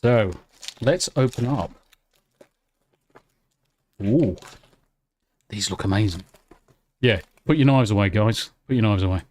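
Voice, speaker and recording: A British man chatting casually on a live stream. He reacts excitably to chat and swears freely. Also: on the low side, unhurried, long pauses. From United Kingdom. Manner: excitable, swears freely, talks while eating.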